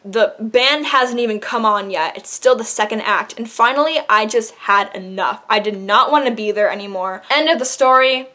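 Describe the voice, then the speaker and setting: A woman's voice: on the high side, normal speed, few pauses, pushed and bright. A young adult woman telling a personal story in a casual vlog, chatty, with many fillers and the odd laugh. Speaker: vlogger.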